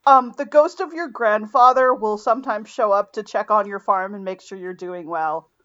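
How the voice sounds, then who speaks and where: A woman's voice: medium pitch, normal speed, a bit bright. A woman chatting on a podcast in a dry, teasing way. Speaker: podcast guest. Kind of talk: casual chat. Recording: slightly dull lo-fi mic.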